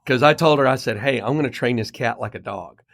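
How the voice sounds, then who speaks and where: Middle-aged male podcast host, lively storyteller, mid-range voice. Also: medium pitch, fast, vocal fry. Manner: animated anecdote teller, acts out quoted dialogue. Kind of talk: casual storytelling chat. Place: Colorado home.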